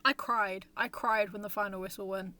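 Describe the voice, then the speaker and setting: A woman's voice: medium pitch, fairly even intonation, normal speed, bright, forceful tone, no room sound. A young woman co-hosting a podcast, talking in a bubbly, casual way and saying "like" a lot. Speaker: podcast co-host. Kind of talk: casual chat.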